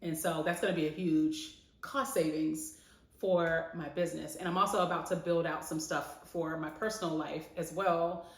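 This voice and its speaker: Animated woman in an echoey room. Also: deep voice, normal speed. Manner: candid and animated, laughs often, emphatic repetition. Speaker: vlogger. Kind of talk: reflective vlog talk to camera.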